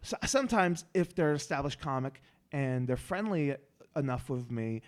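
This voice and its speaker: A man's voice: mid-range voice, expressive, moderate pace. A man talking as a podcast guest in casual chat, rambling with many restarts and stammered words.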